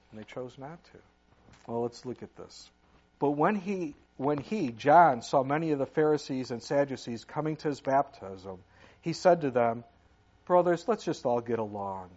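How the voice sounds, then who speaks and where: An older man preaching a sermon as a pastor, reading scripture aloud and swinging between loud emphasis and quiet asides. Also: on the high side, expressive, moderate pace, breathy edge, dull audio. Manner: preaches with sudden rises and drops in loudness, reads scripture aloud.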